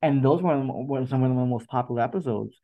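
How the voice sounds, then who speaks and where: Man, podcast guest, earnest, reflective, mid pitch, dull audio. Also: fairly quick. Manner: earnest, reflective, repeats words as he thinks. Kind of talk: emotional interview conversation.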